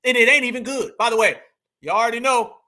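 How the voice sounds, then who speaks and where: Loud animated man reacting to clips. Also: extremely high pitch, quick pace. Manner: animated, scolding, heavy slang. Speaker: commentary host.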